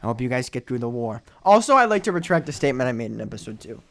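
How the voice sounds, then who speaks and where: A young man cohosting a podcast, telling jokey stories in casual chat that drop to quiet mumbles and swing back up loud. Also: medium pitch, very fast. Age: young adult. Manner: animated storytelling, jokey, trails into mumbles. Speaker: podcast co-host.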